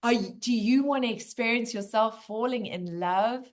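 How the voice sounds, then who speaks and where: A woman voicing the universe as a calm male presence who poses sweeping, inviting questions. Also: a little high, normal speed, lightly acted.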